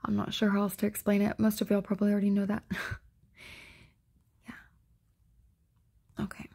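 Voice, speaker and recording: Woman, vlogger, casual rambling chat, giggly, middle pitch. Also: completely flat delivery, very fast, gravelly, mellow, breathy edge. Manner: giggly, chatty, trails off often. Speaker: spiritual vlogger showing sky photos.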